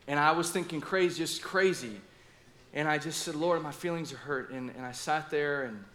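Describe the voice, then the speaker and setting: Passionate, bright-voiced male preacher. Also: on the high side. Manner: passionate, animated preaching with asides and quoted inner dialogue. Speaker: pastor. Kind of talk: sermon.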